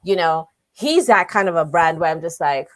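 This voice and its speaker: A woman hosts her podcast from a video call, gushing and warm in her praise. Her sentences tumble out with frequent restarts and bursts of enthusiasm. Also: on the low side, lively intonation, normal speed. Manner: effusive, gushing, restarts a lot. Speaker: podcast host. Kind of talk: casual chat.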